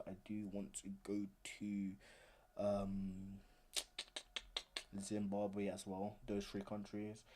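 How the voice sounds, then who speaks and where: A man's voice: lowish voice, darkish tone. A man hosting a live stream, talking casually and animatedly, repeating himself with plenty of slang. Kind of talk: casual commentary.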